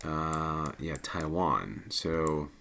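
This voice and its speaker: A man's voice: rumbling low, very slow, bright, forceful tone, a little hiss or hum. A man giving casual commentary on a geography game, thinking aloud and hesitating with many ums.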